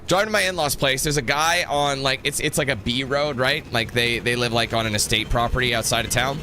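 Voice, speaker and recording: A man's voice: medium pitch, little pitch movement, brisk, sharp tone, slight background noise. A man giving casual gameplay commentary, rambling into a profane rant. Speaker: gameplay video creator.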